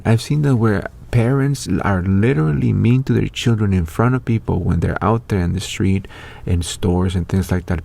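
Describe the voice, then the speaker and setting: Deep and creaky with a warm tone and a breathy edge, this middle-aged man's voice carries his online show. He talks casually in a meandering monologue, stumbling through fillers and starting over.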